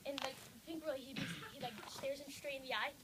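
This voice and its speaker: A young female storyteller retelling a wild chase, rambling and excitable with constant fillers, in a recording with steady background noise. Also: high voice, fast. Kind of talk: casual spoken storytelling. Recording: noisy recording with clicks.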